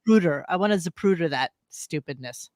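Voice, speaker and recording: A man's voice: fairly high pitch, animated, fairly quick, no room sound, clean studio sound. A man co-hosting a podcast, chatting casually and crudely, joking and riffing on radio clips. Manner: crude, joking, playful riffs. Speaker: podcast co-host.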